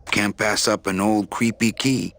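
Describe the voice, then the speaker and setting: An actor voicing a dry, wry male skeleton travel agent in a video game, with an understated, deadpan delivery. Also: on the low side, a little slow, creaky, a little hiss or hum.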